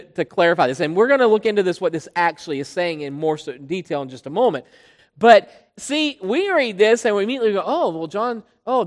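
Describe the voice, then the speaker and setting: Preacher, sermon teaching, mid pitch, emphatic, slow stretched stresses, long hall reverb. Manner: emphatic, stretching key words slowly and then rushing ahead.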